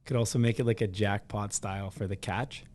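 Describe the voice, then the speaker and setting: A man's voice: on the low side, steady tone, a little fast, darkish tone. A man co-hosting a podcast, speaking in a laid-back, casual way with dry interjections. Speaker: podcast co-host. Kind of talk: casual chat.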